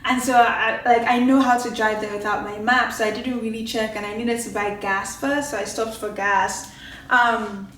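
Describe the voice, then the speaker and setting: A woman's voice: fairly high pitch, recorded from a distance, a little hiss or hum. A woman in her late twenties talking casually to her camera at home, rambling with lots of filler words. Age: late 20s. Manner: rambling, filler-heavy, many "like"s. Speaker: vlogger. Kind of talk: casual vlog chat to camera. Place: home kitchen, indoors. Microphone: camera mic. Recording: roomy echoey room.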